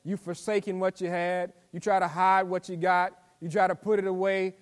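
A man preaching a sermon as pastor, folksy and emphatic, with asides to the congregation that build to forceful emphasis. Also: sits high, level tone, moderate pace, clean tone. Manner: preaching with call-and-response asides and rising emphatic delivery; folksy vernacular speech.

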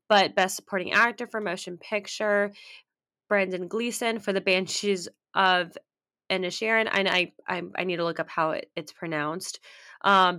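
A woman's voice: medium pitch, sharp tone. A woman co-hosting a casual chat about film awards, reading out nominees with lots of fillers and unsure pronunciations. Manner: reads nominee lists, filler-heavy, unsure of names. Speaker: co-host.

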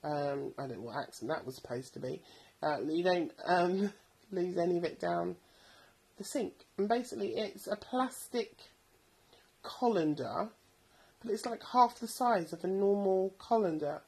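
A woman's voice: lowish voice, expressive, unhurried, vocal fry, dark tone, breathy edge, poor audio. A woman in her thirties hosting a podcast, chatting casually about bargain buys and rambling with plenty of ums. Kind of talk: casual product recommendations.

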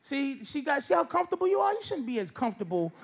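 A man doing loud, teasing stand-up crowd work on a comedy stage. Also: extremely high pitch, sing-song, fast. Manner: loud, teasing, riffing with the audience. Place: comedy stage before a live audience. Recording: noisy live show with crowd laughter.

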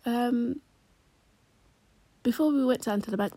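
A woman telling a personal story in a chatty, slangy vlog, often dropping into hushed asides. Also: fairly high pitch, normal speed, long pauses, slightly rough, no echo. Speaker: vlogger.

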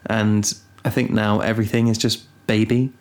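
A man's voice: lowish voice, normal speed. Rambling, teasing guy. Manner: rambling, teasing, deadpan asides. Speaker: podcast co-host. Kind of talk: casual chat.

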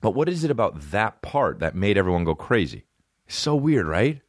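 Low-voiced man ranting on a solo podcast. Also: dry recording, studio quality. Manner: rambling, profane, animated, jumps into quick mock voices. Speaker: podcast host. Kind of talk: solo comedic podcast rant. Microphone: phone.

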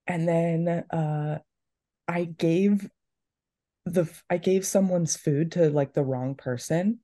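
Low-voiced chatty young woman. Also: takes it slowly, pauses often, mellow, no room sound, studio quality. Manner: chatty storytelling, many "like"s. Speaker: podcast co-host. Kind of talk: casual chat.

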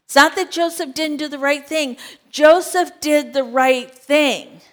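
A woman preacher with a slightly high voice delivers a sermon at an unhurried, drawn-out pace. She tells a scripture story dramatically, voicing the characters as she goes. She keeps turning to the congregation with direct questions. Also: fairly bright tone.

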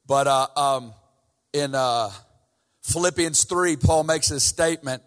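A man's voice: mid-range voice, measured pace, a bit bright. Fervent male preacher in echoing hall. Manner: conversational, builds to fervent emphasis. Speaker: guest preacher. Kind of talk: sermon. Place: church sanctuary. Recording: church hall reverb.

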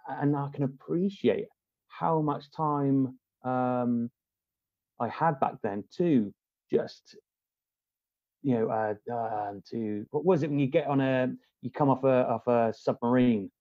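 A man, a podcast guest, talking in a rambling, halting way with many restarts. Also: medium pitch, no room sound, phone-quality sound. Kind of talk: casual conversation.

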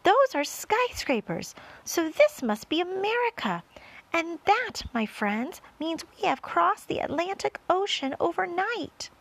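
Woman voicing a young boy, storybook hero, excited, high voice, lively pitch. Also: a little slow, gravelly, husky, heavily acted. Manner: eager, bouncing with excitement.

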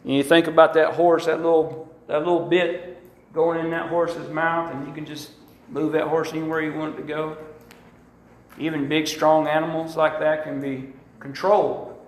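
With a fairly high pitch and a moderate pace, this middle-aged man preaches as a pastor. He tells folksy, animated stories and acts out the quotes, and the room around him echoes.

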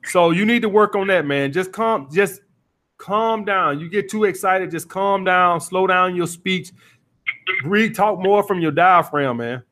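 A man's voice: sits high, a little slow, pushed and bright. A man hosting a call-in dating advice podcast, blunt and profane, repeating his points as he coaches a caller.

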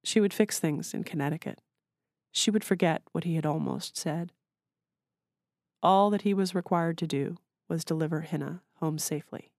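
A woman author reads her own short story in a measured, literary way. Her voice is low, and the recording is dry and close. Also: vocal fry, darkish tone, dry recording.

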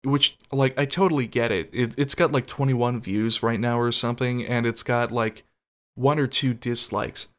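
A man's voice: mid-range voice, steady tone, moderate pace, fairly bright tone. A man hosting a casual solo podcast, rambling and swearing, with frequent self-conscious laughs. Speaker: podcast host.

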